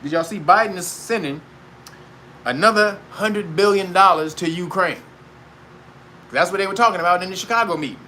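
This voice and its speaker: A man giving a profane, animated rant, laughing often as he talks. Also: sits high, normal speed, long pauses, a little hiss or hum. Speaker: commentator. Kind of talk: casual rant monologue.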